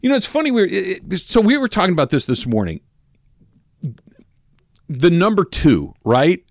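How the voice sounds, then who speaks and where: A man's voice: high voice, sing-song, moderate pace, no room sound, studio quality. A man co-hosting casual sports talk, emphatic and restarting his sentences. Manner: emphatic, repeats words when starting.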